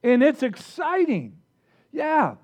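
A man preaching a sermon, energetic, drawing the congregation in with questions and call-outs. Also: very high voice, takes it slowly. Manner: energetic, engages the audience with questions. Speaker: pastor.

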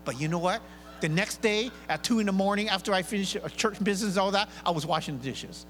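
A middle-aged man with a high, bright voice preaches to his congregation, lively and joking. He slips in and out of playful voices as he acts out churchgoers. The sound carries the long reverb of a large church hall. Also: a little fast, soft background music. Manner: animated, acts out congregation voices with big pitch swings. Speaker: pastor. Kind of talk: sermon. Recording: live church hall reverb, faint hum.

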